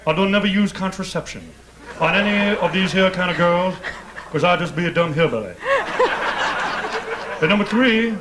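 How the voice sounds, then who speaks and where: A man's voice: high voice, moderate pace, pauses often, background noise, natural voice. A man doing a dim, boastful dead rock king. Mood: rambling boastful. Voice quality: slightly raspy. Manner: rambling, mangles names, drawling. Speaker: radio host doing an impression. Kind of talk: comedy bit on radio.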